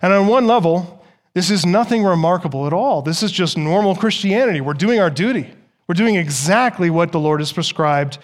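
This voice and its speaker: A man preaching a sermon as pastor, emphatic and full of rhetorical questions, rising loud and dropping soft. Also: high-pitched, animated, brisk.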